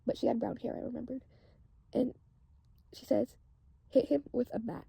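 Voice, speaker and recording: A woman's voice: a little high, fairly even intonation, normal speed, gravelly, mellow, breathy edge, no echo. A woman casually recounting a dream, rambling and saying "like" constantly.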